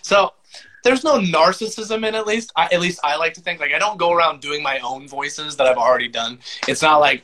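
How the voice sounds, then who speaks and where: A man's voice: fairly high pitch, a little fast, bright, forceful tone. A man, a voice actor and musician, talking in a laid-back, self-deprecating way with lots of fillers in a casual interview.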